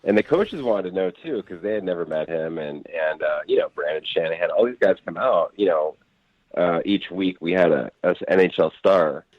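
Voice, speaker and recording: A low-voiced man tells a rambling story, full of fillers and restarts, acting out other people's lines. The sound is tinny and phone-like and completely dry, with no room around it. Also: animated, normal speed, no room sound. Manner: rambling, lots of fillers and restarts, acts out quotes. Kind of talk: casual storytelling.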